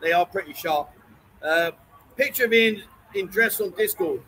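Man, live-stream host, teasing banter, high voice, bright tone. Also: moderate pace, a little hiss or hum, low-quality recording. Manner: teasing banter, reads viewer comments aloud. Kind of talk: casual live-stream chat. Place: bar.

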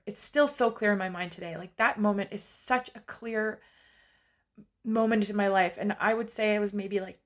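Candid woman telling a personal story. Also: mid-range voice. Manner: candid and confessional, with casual fillers.

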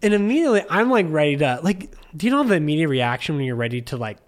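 A man's voice: fairly high pitch, sing-song, quick pace. A man telling a long anecdote as a podcast guest in his living room, rambling with plenty of "like" and acting out what people said. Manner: rambling, heavy use of "like", acts out quoted speech. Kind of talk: casual storytelling chat.

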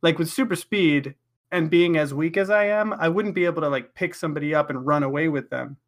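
Casual podcast host, mid-pitch, chatty and self-mocking. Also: brisk. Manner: chatty, laughs often, many fillers. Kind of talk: casual group chat.

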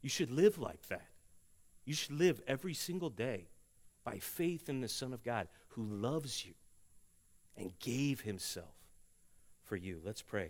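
A man preaching a sermon as a pastor in a church, earnest, rising to loud emphatic peaks and dropping to hushed, tender stretches, ending in prayer. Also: medium pitch, expressive, unhurried, long pauses. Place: church sanctuary.

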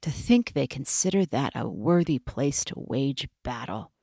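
A woman voicing an ancient war goddess, low and weary, speaking with scorn. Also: animated, a little slow, mellow, husky, dry recording, clean studio sound, full character voice. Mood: scornful. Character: brooding ancient female war goddess, disdainful.

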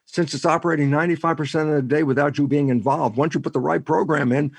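This older scientist and author talks fast in a fairly high, creaky, slightly rough voice, with no room sound. Being interviewed, he explains his ideas with lively storytelling, playing both parts in imagined conversations.

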